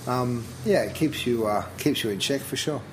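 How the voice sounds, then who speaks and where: A middle-aged man with an Australian accent, talking casually as an interview guest, chatty and relaxed, often restarting his sentences with fillers. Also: medium pitch, moderate pace, a little hiss or hum, poor audio.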